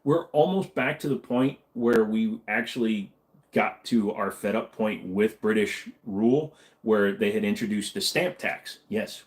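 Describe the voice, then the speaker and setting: A man's voice: mid-range voice, a little mellow. A man hosting a loose late-night livestream Q&A, rambling from topic to topic. He cracks jokes and reads out viewers' messages in an easy, casual way. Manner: rambling, joking, reads chat messages aloud. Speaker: livestream host.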